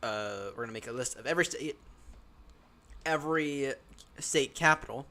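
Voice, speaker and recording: Streaming a flight simulator, a young man from the United States talks at normal speed in a pushed, bright, mid-range voice. His casual chat rambles, and he often stops to correct himself.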